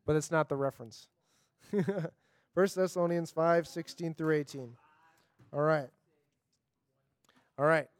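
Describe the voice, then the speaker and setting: A man's voice: fairly high pitch, fairly even intonation, measured pace, long pauses, dry recording. A man leading a group memory activity, upbeat and coaxing, checking in with the group often. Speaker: youth class leader.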